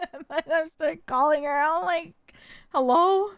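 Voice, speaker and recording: A young woman streaming a game and telling a story in casual chat, animated and quick to laugh. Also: high voice, no echo. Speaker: VTuber streamer playing a game.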